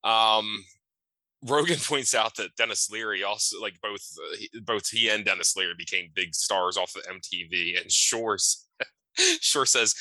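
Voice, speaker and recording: A man's voice: fairly low pitch, moderate pace, pushed and bright, no echo, low-quality recording. A man co-hosting a podcast in casual chat, rambling with many fillers and casual swearing. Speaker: podcast co-host.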